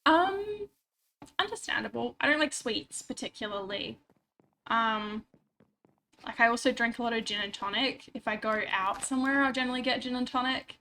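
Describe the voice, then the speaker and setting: A woman talks casually into her desk mic as she plays, her voice a little higher than most and slightly stuffed up. She rambles and pokes fun at herself, with a faint hiss in the background. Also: expressive, moderate pace, bright, forceful tone. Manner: chatty, rambling, self-mocking asides. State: stuffy nose. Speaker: livestreamer. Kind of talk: casual chat while gaming. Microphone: desk microphone.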